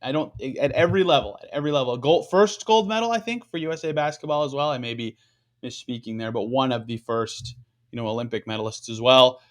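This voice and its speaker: A man hosting a casual sports podcast, talking it through conversationally. His voice sits at an ordinary middle pitch, and he leans on plenty of fillers as he goes. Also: lively intonation, fast talker. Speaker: podcast host.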